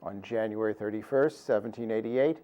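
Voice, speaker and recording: A man giving a humorous history lecture with songs, delivering deadpan punchlines in a dry, pedantic way. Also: fairly low pitch, moderate pace, highs cut off. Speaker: performer of a musical history talk.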